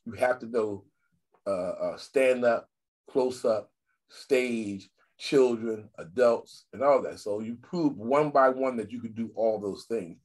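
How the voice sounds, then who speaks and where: An older man speaks in a husky, slightly rough voice at a middle pitch. He chats casually over a video call, animated and talkative, repeating phrases to drive his point home. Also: slow pace. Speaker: guest magician.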